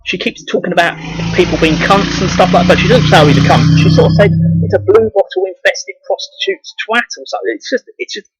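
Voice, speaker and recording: Husky southeast English man ranting. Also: sits high, animated, fast talker, poor audio. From southeast England. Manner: rambling, profane, many repeated restarts. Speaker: video blogger. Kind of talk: ranting monologue.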